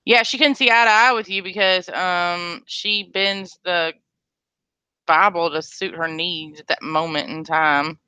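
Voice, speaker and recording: A woman's voice: on the low side, fairly even intonation, a little slow, sharp tone, clear, resonant tone, dry recording. A woman hosting a casual livestream chat, blunt and sarcastic as she talks with viewers. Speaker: livestream host.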